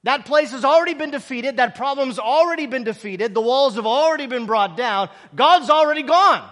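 A man preaches with a very high, ringing voice, hammering each point home and drawing his listeners in with questions. His words trail off into the long reverb of a big hall. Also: lively intonation, brisk, fairly bright tone. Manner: repetitive, emphatic, draws in the audience. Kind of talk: sermon.

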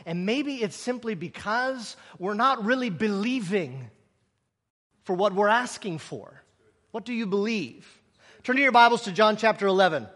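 Animated preacher man, high voice. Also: moderate pace, in a large hall. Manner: animated, acts out quotes, sarcastic asides. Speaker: pastor. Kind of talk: sermon.

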